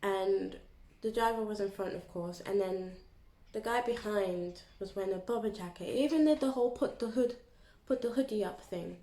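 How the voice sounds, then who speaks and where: Young girl vlogging, gravelly and warm, chatty storyteller, roomy echo. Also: mid-range voice, moderate pace. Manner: chatty, animated storytelling with mimicked voices. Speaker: YouTuber. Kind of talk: casual vlog monologue. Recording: echoey room.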